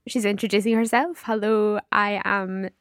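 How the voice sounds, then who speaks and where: A woman's voice: mid-range voice, fairly even intonation, normal speed, no room sound, clean studio sound. A woman acting as the learner in a podcast language lesson who tentatively works out answers aloud.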